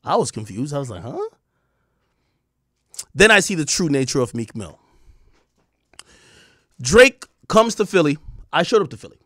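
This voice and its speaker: A man in his thirties ranting on a stream, animated, profane and mocking. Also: fairly high pitch, moderate pace, long pauses, no room sound, clean studio sound. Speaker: streamer commentator. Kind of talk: ranting commentary.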